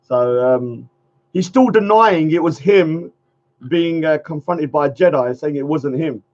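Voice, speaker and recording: This livestream host is a man with a voice on the high side and a darkish tone, speaking in an unhurried way. He rambles through a casual chat, laughs often, and lets sentences trail off. The stream audio is dull and lo-fi.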